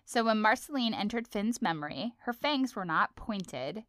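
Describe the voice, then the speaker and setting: A woman's voice: medium pitch, lively intonation, moderate pace, a bit bright, no echo. A woman co-hosting a casual chat, rambling with lots of filler words and giggling. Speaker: podcast co-host.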